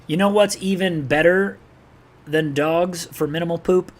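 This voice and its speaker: Chatty New York streamer, slightly high voice. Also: male voice, a little slow. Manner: chatty, rambling, talks to chat while playing. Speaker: gaming streamer. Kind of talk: live gameplay commentary.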